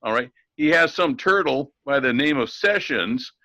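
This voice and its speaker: A man's voice: fairly high pitch, expressive, normal speed, sharp tone, no echo, highs cut off. A man co-hosting a talk show, ranting in an indignant, sarcastic way with frequent restarts. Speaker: co-host. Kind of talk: ranting talk-radio commentary.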